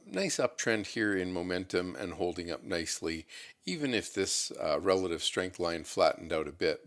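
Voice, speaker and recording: Man, low voice, market analyst, casual chart talk, thinking aloud. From Canada. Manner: relaxed, thinking aloud with fillers.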